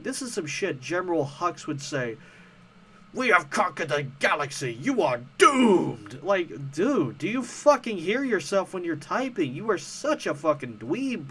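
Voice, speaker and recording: A man's voice: fairly high pitch, a bit bright, slight background noise. A man hosting a casual commentary show, ranting about online arguments in a profane, sarcastic, heated way. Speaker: host.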